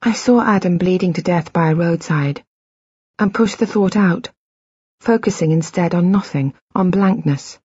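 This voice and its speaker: A woman narrating a novel in the first person, with a measured, intimate reading. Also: on the low side, darkish tone, slightly rough, no room sound, highs cut off. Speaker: audiobook narrator.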